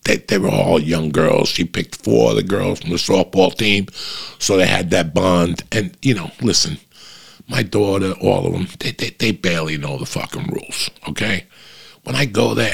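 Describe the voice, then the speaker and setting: Gravelly, profane New man. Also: sits low, normal speed. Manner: profane, animated, rising to loud rants. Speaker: stand-up comedian. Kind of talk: profane stand-up storytelling.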